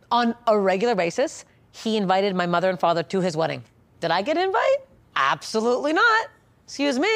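A woman's voice: deep voice, dry recording. Crude woman comic in her thirties. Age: 30s. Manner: crude, self-deprecating, acts out shouted quotes. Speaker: stand-up comedian. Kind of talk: stand-up comedy set. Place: comedy club stage. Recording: live club with faint crowd and noise. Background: audience laughter.

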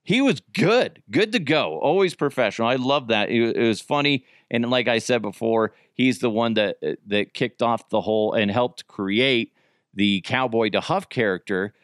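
A man's voice: mid-range voice, moderate pace, no room sound, clean studio sound. Profane, rambling man telling radio stories. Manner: rambling, profane, animated, self-correcting. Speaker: podcast host, former radio producer. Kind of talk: casual storytelling.

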